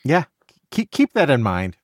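A man's voice: mid-range voice, wildly swooping pitch, unhurried, husky, dry recording, studio quality. A man hosting a casual book discussion podcast, talking with enthusiasm and often restarting his sentences. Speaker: podcast host.

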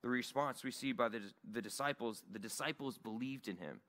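A man delivers a sermon in an earnest, conversational way. His voice is bright and forward, at a middling pitch. He speaks in a church meeting room. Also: a little fast. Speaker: Bible study teacher.

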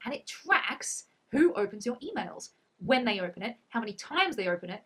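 Australian woman, podcast co-host, enthusiastic and expressive, slightly high voice, very lively pitch. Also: normal speed. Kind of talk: casual podcast chat.

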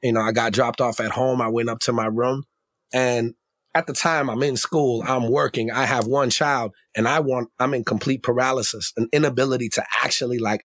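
A man's voice: medium pitch, fairly even intonation, normal speed, fairly bright tone, no room sound. A man, a podcast guest, telling a personal story in a reflective, slangy way, often checking in with "right?". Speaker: podcast guest, emcee and educator. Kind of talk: candid podcast conversation.

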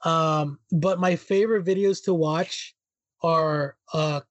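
High-voiced rambling young man. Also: fairly even intonation, slow pace, dry recording, dull audio. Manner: rambling, many fillers and restarts. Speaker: podcast co-host. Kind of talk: casual chat.

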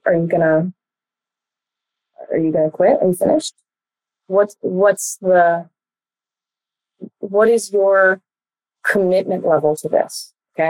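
Woman coach talking straight, kinda low voice, blunt and pushy, cusses a bit. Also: a little mellow, rough recording. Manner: blunt, emphatic, swears casually, repeats "okay?". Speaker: life coach. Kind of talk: motivational coaching talk.

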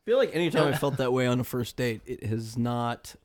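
A man's voice: mid-range voice, fairly quick. A young man co-hosting a podcast, chatting casually in a rambling, jokey way with mock-posh asides. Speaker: podcast co-host. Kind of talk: casual comedic chat.

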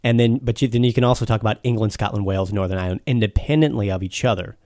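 American man, low voice, dry sound, patient explainer, casual chat. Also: very fast, darkish tone, dry recording. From United States. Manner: explains patiently, with frequent restarts.

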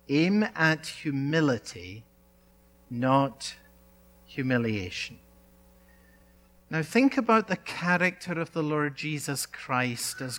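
A male pastor delivering a sermon, speaking in emphatic phrases with dramatic pauses and repetition. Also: on the high side, fairly bright tone.

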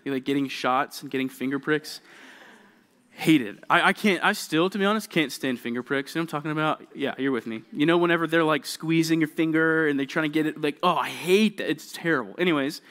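A man's voice: fairly high pitch, brisk. Conversational young male youth pastor. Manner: conversational, checks in with the kids, lively storytelling. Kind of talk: casual youth sermon with a personal story.

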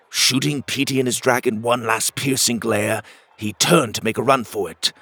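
A man narrating a children's storybook adventure in an expressive, animated way. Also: medium pitch, normal speed, husky, no room sound.

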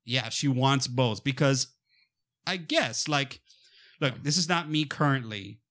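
Casting note: a man as a podcast co-host, rambling and animated, breaks into quick mock voices. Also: medium pitch. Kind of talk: casual movie discussion.

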